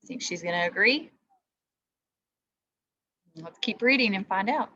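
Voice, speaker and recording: A woman's voice: mid-range voice, unhurried, long pauses, lo-fi sound. A woman teacher reading a story aloud to children, stopping to ask them questions. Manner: lively, asks the listener questions.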